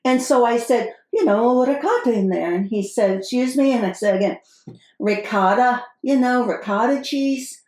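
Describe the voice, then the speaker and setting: A woman's voice: a little high, normal speed, a little mellow, natural voice. A woman playing an exasperated middle-aged Brooklyn wife in a put-on New York accent, complaining animatedly in an improvised comedy sketch. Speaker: podcast co-host in character. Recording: roomy echo.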